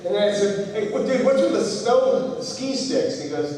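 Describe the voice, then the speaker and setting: An animated middle-aged man speaks to a school assembly, slipping into little voices as he tells his story. His voice sits a touch high and comes from a distance, with a big echoing hall ringing around it. A faint hum of ambience sits underneath. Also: moderate pace. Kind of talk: motivational talk to students. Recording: echoey hall, far from the mic.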